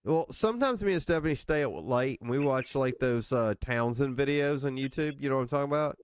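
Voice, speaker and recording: A man's voice: mid-range voice, fairly quick, smooth, no echo. A man in his forties from Northeast Mississippi with a North Alabama accent, hosting a casual chat and rambling through stories with easy laughs. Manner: rambling storyteller, laughs easily. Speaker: podcast host.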